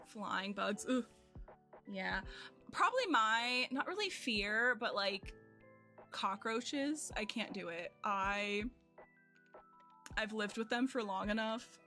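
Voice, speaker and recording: A woman's voice: medium pitch, animated, slow, long pauses, pushed and bright, soft background music. A young woman streamer chatting casually with her viewers at home, rambling and self-deprecating with lots of fillers. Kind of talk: casual chat with chat while gaming.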